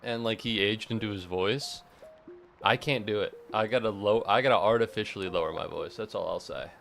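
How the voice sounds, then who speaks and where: A man's voice: fairly low pitch, a little fast, creaky, fairly bright tone, faint music behind. A young man in his twenties, a college student chatting casually on a live stream, rambling, swearing freely and laughing often. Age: 20s.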